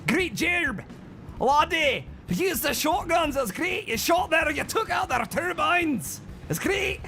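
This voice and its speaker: A man voicing an excitable male engineer who shouts high-pitched cheers and complaints during game livestream commentary. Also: slow, vocal fry, faint music behind, exaggerated voice. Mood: cheering.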